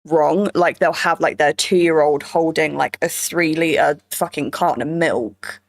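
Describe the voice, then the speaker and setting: A woman's voice: deep voice, steady tone, measured pace, gravelly, no room sound. A woman co-hosting a casual livestream talk show, chatting loosely and swearing, often breaking into laughter. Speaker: podcast co-host.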